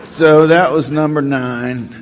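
A man's voice: fairly high pitch, steady tone, some chatter behind. Wry, rambling man sharing his story. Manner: rambling, wry and self-deprecating, with many "uh" pauses. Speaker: speaker sharing at a recovery meeting. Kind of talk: storytelling share. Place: meeting room. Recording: slightly dull recording with faint room noise.

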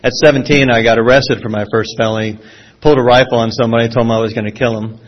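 A man's voice: medium pitch, steady tone, fast. Folksy Southern man telling his story. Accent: Southern American. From Florida. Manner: folksy storytelling with self-deprecating humor, frequent restarts. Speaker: speaker sharing a recovery testimony. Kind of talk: personal testimony talk. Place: speaking to a live audience. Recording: dull lo-fi sound.

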